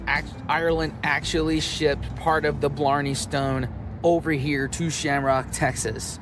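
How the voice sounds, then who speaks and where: A man's voice: on the high side, level tone, a little slow, over music. A man vlogging casually from his car on a road trip, chatty and rambling with lots of fillers. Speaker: travel vlogger. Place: in his car while driving. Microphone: handheld camera in the car.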